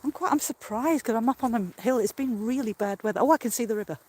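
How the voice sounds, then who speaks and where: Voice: mid-range voice, quick pace, darkish tone, breathy edge. A host chatting casually and rambling while walking outdoors on a hill, out of breath, laughing often, talking into a handheld phone. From Australia. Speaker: host of a live stream. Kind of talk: casual live-stream chat while walking. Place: outdoors on a hill by a ruined castle.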